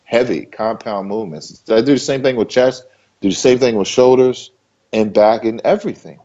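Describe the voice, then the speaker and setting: A man's voice: medium pitch, normal speed, mellow, dull audio. A man being interviewed, talking casually and emphatically, repeating himself for stress in a loose, conversational way. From Maryland. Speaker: interview guest, bodybuilder.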